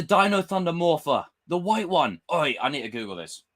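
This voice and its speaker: A man's voice: fairly high pitch, normal speed. A young man hosting a live stream, chatting casually and ranting with lots of swearing. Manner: animated, swearing, ranting fan. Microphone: desk mic with camera.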